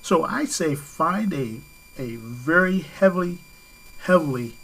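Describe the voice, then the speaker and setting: A man's voice: fairly high pitch, animated, takes it slowly, a bit bright, husky, poor audio. A man giving safety advice on a talk radio show, talking conversationally, laughing easily and restarting his sentences. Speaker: safety expert guest.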